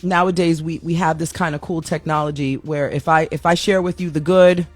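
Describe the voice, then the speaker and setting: Woman talk show host, casual chatty monologue, self-deprecating, quick laughs, dry close mic, faint music underneath. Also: sits low, fairly even intonation, no room sound. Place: home studio.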